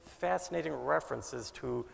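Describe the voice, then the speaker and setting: Male preacher, strongly gravelly voice, dramatic swings in volume, recorded in a large echoing hall. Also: medium pitch, normal speed, slight background noise. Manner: dramatic, shifts between loud bursts and soft asides. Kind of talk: sermon.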